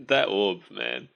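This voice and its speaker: A man's voice: mid-range voice, gravelly, a bit bright. A man co-hosting a podcast in casual chat, rambling and laughing often at his own jokes. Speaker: podcast co-host.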